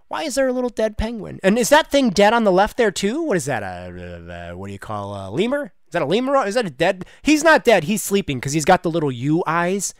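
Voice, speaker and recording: A man hosting a gaming channel, giving casual, sarcastic commentary with loud outbursts of disbelief. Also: high-pitched, fairly quick, few pauses, clean tone, no echo, clean studio sound. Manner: animated, exclamatory, sarcastic asides. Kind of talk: casual let's-play commentary.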